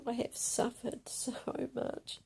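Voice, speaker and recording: A woman delivering a rambling monologue to camera, often dropping to a hushed whisper. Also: slow. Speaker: video blogger.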